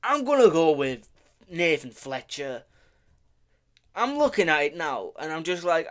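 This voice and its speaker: A man's voice: on the high side, sing-song, measured pace, pauses often. A man casually talking through fight predictions, rambling, correcting himself, and tripping over names with offhand swearing and humor. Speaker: vlogger making fight predictions.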